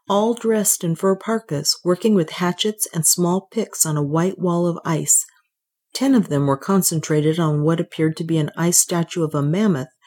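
A woman narrating a story aloud in a steady, even reading voice. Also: lowish voice, breathy edge. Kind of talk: scripted audiobook narration.

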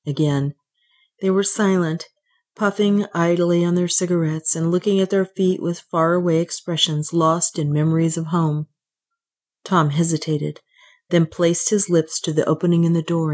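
A woman with a low voice reads a story aloud. Her delivery is steady and even, a calm scripted narration.

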